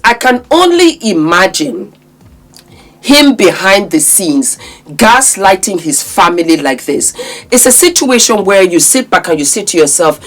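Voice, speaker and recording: A woman's voice: medium pitch, very animated, a little slow. A woman hosting a commentary vlog, talking emphatically and calling her viewers darlings. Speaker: commentary channel host.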